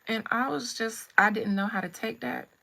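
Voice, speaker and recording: A woman's voice: fairly high pitch, moderate pace, creaky, sharp tone, poor audio. A woman hosting a live stream, telling a personal story in a blunt, humorous way. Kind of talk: casual storytelling.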